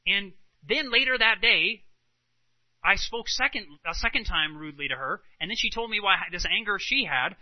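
A man speaking as a Christian health speaker, telling animated personal anecdotes to a live audience and tossing in rhetorical "right?" asides. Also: high voice, moderate pace, no echo, dull audio. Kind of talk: storytelling talk to a live audience.

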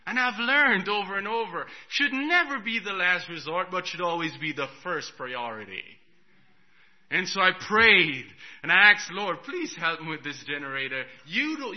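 A man preaching in a slightly high voice, telling a personal story from the pulpit. He drops to a hush and then rises loud again, chuckling along the way. The recording sounds dull and lo-fi.

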